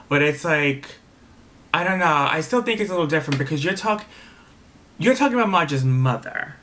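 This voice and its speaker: A man's voice: on the high side, lively intonation, brisk, bright, forceful tone. A man casually recapping a reality TV episode, candid and opinionated, swearing freely and repeating himself for emphasis.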